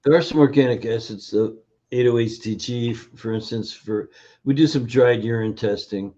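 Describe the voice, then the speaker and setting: A functional nutrition educator, a man with a mid-range, dark voice, is a guest in a casual video interview. He tells stories haltingly, with many fillers, and acts out the voices of the people in them. The recording has a dull, lo-fi sound.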